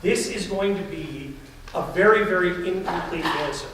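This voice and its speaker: A man with a high voice preaches an emphatic sermon, calling out to his listeners. He is captured from some distance, and his words ring through a very reverberant church with faint ambience beneath. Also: moderate pace, noisy background. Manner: emphatic, preacherly with direct address to the congregation. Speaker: pastor. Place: church sanctuary. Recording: very echoey church sound from a distance.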